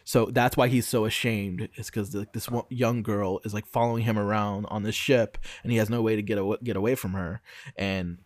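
A man from Brazil casually discussing film adaptations on a podcast, often pausing to search for words. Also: on the low side, steady tone, dry recording. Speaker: podcast co-host.

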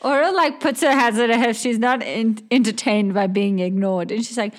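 A woman's voice: fairly high pitch, moderate pace. A woman player in a tabletop game, cheeky and giggly as she describes her character. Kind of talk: casual tabletop play.

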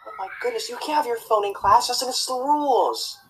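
A woman's voice: on the high side, brisk, husky, poor audio. A woman acting a prissy, rule-obsessed teacher's pet student in a comedy sketch, tattling and preaching about the rules. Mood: preachy, disappointed. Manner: tattling, self-righteous and preachy.

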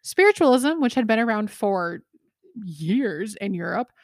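A young adult woman co-hosting a podcast in casual chat, lively, laughing easily and often correcting herself mid-sentence. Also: mid-range voice, a little slow, no room sound, studio quality. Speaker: podcast co-host.

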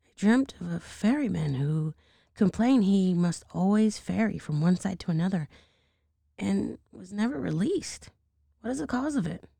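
A hoarse woman voicing a sly, soothing old grandmother, talking in a soft, coaxing half-whisper. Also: mid-range voice, animated, normal speed, dry recording, studio quality.

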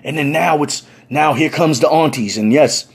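A young man telling a funny story on a podcast, profane, animated and playful. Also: on the high side, moderate pace, gravelly, slightly rough. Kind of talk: comedic storytelling.

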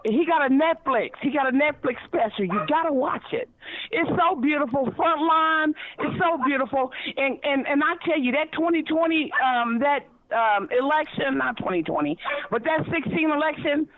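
Woman caller, high voice, gushing and rambling, tinny phone-line sound. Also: no echo. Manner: effusive, rambling, many ums and restarts. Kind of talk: excited phone call to a talk show.

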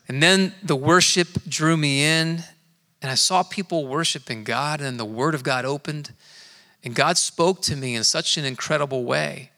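A man preaching a sermon in a church, telling his own story in an earnest, conversational way and slowing down to stress key words. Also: on the high side, sharp tone. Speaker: pastor. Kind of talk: sermon with personal testimony. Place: church sanctuary. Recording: long hall reverb.

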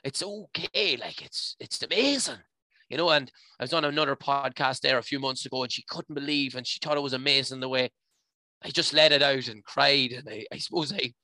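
A man's voice: medium pitch, a little fast, sharp tone, no echo. An Irish man, a mountain adventure guide, talking emotionally and rambling in a podcast interview, full of restarts and "you know".

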